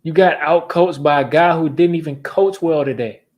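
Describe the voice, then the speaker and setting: A man's voice: a little high, moderate pace, darkish tone. A young man hosting a sports fan channel, ranting in exasperation during a live football reaction, repeating himself as he vents.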